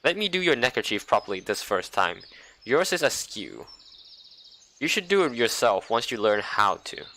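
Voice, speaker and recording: A man voicing a bossy female summer camp leader who gives brisk, motherly orders. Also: medium pitch, big pitch swings, bright, forceful tone, slight background noise. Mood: bossy cheerful.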